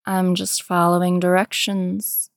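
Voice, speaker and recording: A woman voicing a young man who speaks softly and lightly, matter-of-fact and eerily detached, in a storybook reading. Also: on the low side, monotone, measured pace, no room sound, clean studio sound. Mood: calm detached.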